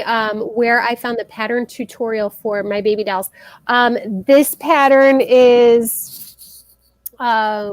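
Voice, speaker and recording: Chatty woman host, fairly high voice, dry close sound, laughs easily between crochet talk. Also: no echo. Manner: chatty, laughs often, reads viewer comments. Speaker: co-host of a crochet live show. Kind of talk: casual chat.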